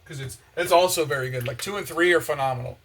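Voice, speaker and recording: Young man, casual rambling, bright tense voice, slightly high, slangy, many fillers, faint kitchen noise. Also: fast talker. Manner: excited, slangy, many fillers, acts out quotes. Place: home kitchen with open windows.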